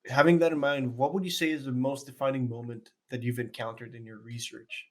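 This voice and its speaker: A man's voice: mid-range voice, fairly even intonation, a little fast. A man interviewing a guest, asking questions politely and hesitantly with fillers.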